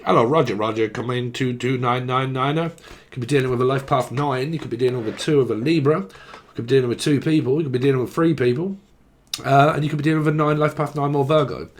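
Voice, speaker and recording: A man's voice: mid-range voice, steady tone, quick pace, slight background noise. A man giving a casual tarot reading, rambling and joking as he goes. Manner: playful, rambling, jokey. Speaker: tarot reader.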